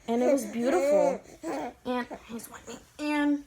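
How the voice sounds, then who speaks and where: A woman's voice: sits high, steady tone, a little slow, noisy background. A young woman vlogger telling an emotional story, tender and rambling, teary-eyed as she talks.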